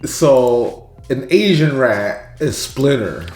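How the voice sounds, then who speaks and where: A man hosting a reaction video, musing aloud in a relaxed way and chuckling between thoughts. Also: medium pitch, slow, roomy sound. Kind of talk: casual reaction commentary.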